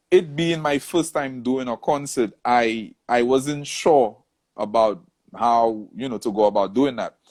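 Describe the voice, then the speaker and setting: Animated male storyteller. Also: medium pitch. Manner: animated storyteller, acts out quoted voices. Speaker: soca artist, interview guest. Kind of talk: casual storytelling interview.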